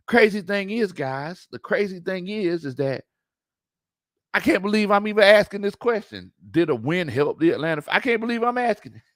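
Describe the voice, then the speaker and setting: A sports talk show host with a high voice keeps his casual live sports stream lively, reading the chat, laughing frequently, and speaking in a drawn-out, colloquial manner. The recording is studio quality, with no room sound.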